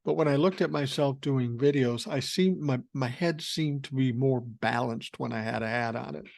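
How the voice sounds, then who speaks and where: A man in his sixties hosts a casual podcast, rambling through stories with blunt, salty language. His pitch sits at an average level for a man. The sound is close and dry, with no room echo. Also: normal speed, gravelly, a little mellow. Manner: blunt, profane, rambling storyteller. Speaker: podcast host. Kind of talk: casual podcast talk reading listener email.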